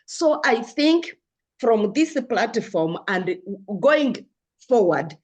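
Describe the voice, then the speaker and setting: Older woman panelist from Africa; passionate, earnest delivery, mid-range voice, restarts often. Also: mid-range voice. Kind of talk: panel discussion remarks.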